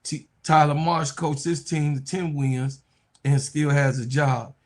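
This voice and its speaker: A man hosting a casual sports talk stream, reading viewer comments aloud. He is under the weather and breaks into loud, animated outbursts. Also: on the high side, unhurried. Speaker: sports talk show host.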